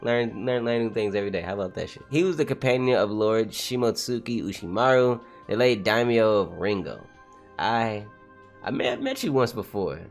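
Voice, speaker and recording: Slangy, excitable man reading comics aloud. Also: fairly low pitch, moderate pace, soft background music. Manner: slangy, excitable, laughs often. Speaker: manga reaction streamer. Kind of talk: casual read-along commentary.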